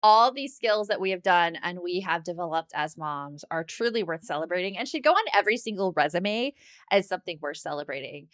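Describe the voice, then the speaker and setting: A woman co-hosting a parenting podcast, chatting casually and telling animated stories. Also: on the low side, smooth, dry recording. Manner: chatty storyteller, animated quoting. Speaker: podcast co-host. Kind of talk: casual chat.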